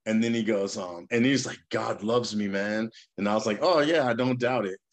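A man co-hosting a casual podcast chat, telling a story with lively acted-out quotes. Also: lowish voice, fairly quick. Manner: animated storyteller, acts out quotes in a raised voice. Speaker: podcast co-host.

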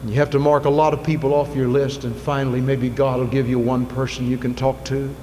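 Fervent preacher with echoing hall sound. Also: male voice, mid-range voice, little pitch movement, fairly quick. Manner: swings from soft and intimate to loud fervent shouting. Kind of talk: sermon. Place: church sanctuary. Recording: long reverb, faint ambient noise.

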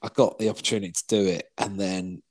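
Speaking fast in a low, darkish voice with fairly even intonation, a man in his 40s co-hosts a podcast. His casual chat runs to rambling anecdotes, with occasional swearing and acted-out quotes of what people said.

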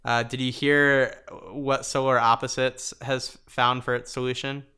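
A man co-hosting a podcast in casual chat, laughing often and filling pauses with ums. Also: mid-range voice, little pitch movement, sharp tone, smooth. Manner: chatty, laughs often, many fillers. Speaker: podcast co-host.

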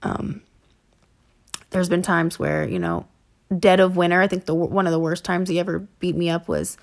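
A woman hosting a podcast, telling her own story in a casual, halting way, full of fillers and swearing. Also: fairly low pitch, gravelly. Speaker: podcast host. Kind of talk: personal storytelling monologue.

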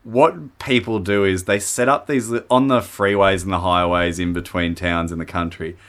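A man's voice: low-pitched, fairly even intonation, normal speed, a bit bright. A man co-hosting a podcast, telling rambling, laughing anecdotes in casual chat. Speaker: podcast co-host.

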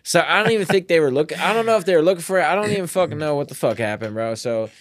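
A man's voice: fairly high pitch, lively intonation, racing, no echo, studio quality. Laughing, cursing young man telling stories. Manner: laughs often, swears freely, peppers with "bro" and "dude". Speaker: podcast guest. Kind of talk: casual storytelling.

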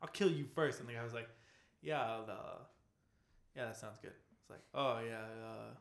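A man's voice: medium pitch, normal speed, creaky, fairly bright tone, reverberant. A man in casual gaming chat, rambling as he retells scenes and acts out game characters, swearing freely.

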